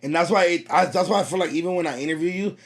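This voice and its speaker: A young man runs his podcast in a quick, lively way. He tells stories at pace and acts out the lines he quotes. His voice sits a touch on the high side. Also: creaky. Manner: animated storytelling, acts out quotes. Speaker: podcast host. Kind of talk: casual chat.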